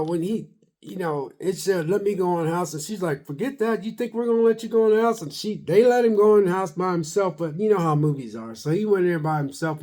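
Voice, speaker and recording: A man casually retelling a horror movie's scenes in a rambling, animated way, full of slang and quotes of what he said to himself while watching. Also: a little high. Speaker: movie reviewer.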